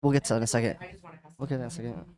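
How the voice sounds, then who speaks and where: A woman narrating as dungeon master, halting with many fillers. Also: very deep voice, mellow. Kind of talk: narrating a tabletop game.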